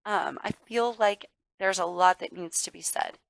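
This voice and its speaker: A woman's voice: lowish voice, a little slow, gravelly, no echo, poor audio. Woman, tarot reader, emphatic, calls you darling, dry sound. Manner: swears, gets worked up. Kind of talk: casual tarot reading to viewers.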